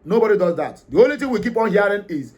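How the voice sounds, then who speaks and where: Emphatic Nigerian man, high voice. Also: sing-song, fast talker, darkish tone, lo-fi sound. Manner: emphatic, repetitive, frequent hesitations. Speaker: commentary host. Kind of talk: opinionated monologue commentary.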